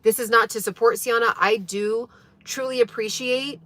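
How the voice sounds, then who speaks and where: A woman's voice: fairly high pitch, fairly even intonation, normal speed, a bit bright, no room sound. A woman hosting a casual livestream for her wellness channel, talking earnestly to viewers with lots of fillers and emphasis. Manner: earnest, emphatic, filler-heavy, often asks "right?".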